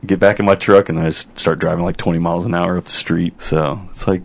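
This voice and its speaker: Low-voiced guy rambling thru a crude story, super casual chat. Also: steady tone, fairly quick.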